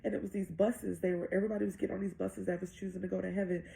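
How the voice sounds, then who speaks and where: A woman with a very gravelly, dark, mellow voice recounts a dream as personal testimony. She tells it earnestly and breathlessly and quotes each exchange as she goes. Her tone is heartfelt and conversational. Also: mid-range voice, little pitch movement, racing. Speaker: mother telling of a dream.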